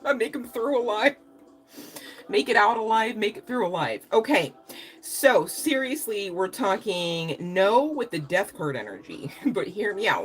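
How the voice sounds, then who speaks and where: A woman giving a live tarot reading, talking casually, laughing often and swearing in a cheeky way. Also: lowish voice. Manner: swears casually, uses slang. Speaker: tarot reader.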